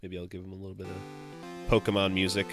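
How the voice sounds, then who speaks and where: A man from New England chatting casually while hosting a live game stream, laid-back and quick to chuckle. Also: low voice, completely flat delivery, music in the background. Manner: laid-back, chuckles often, hesitant fillers. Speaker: streamer host playing a game.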